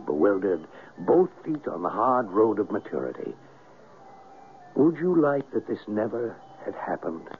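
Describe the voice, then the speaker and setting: A sly foreign mesmerist who purrs and swoops through a very wide pitch range. The voice has a theatrical edge and comes through a thin, phone-like radio sound with faint hiss. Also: male voice, creaky, exaggerated voice. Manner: purring, theatrical, chuckling. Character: mysterious foreign male hypnotist, sly and commanding. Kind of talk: 1970s radio drama acting. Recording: tinny lo-fi radio broadcast.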